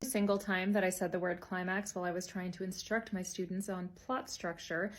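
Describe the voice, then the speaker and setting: A woman's voice: on the low side, steady tone, quick pace, no echo. Casting note: woman in her thirties, confiding comic storyteller. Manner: chatty, confiding anecdotes with acted quotes. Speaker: comedian and teacher. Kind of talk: comedic storytelling.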